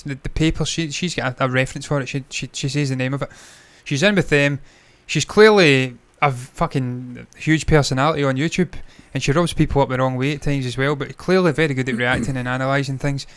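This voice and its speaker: A man's voice: medium pitch, a bit bright, clear, resonant tone. A man co-hosting a movie news podcast, talking casually and bluntly, swearing often. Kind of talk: casual chat.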